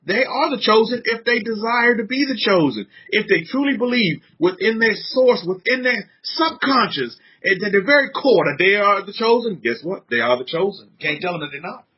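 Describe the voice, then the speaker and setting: A man's voice: high voice, animated, moderate pace, few pauses, slightly rough. A man giving an informal sermon as a religious teacher, fervent and conversational, with casual slang. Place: San Antonio. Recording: dull lo-fi recording.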